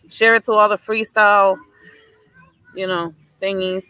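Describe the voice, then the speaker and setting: A woman's voice: medium pitch, flat delivery, unhurried, pushed and bright, clean tone, no room sound, rough recording. A woman hosting a live stream outdoors by a lake. She chats in a casual, upbeat way, greets viewers by name and talks into a phone. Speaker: live show host.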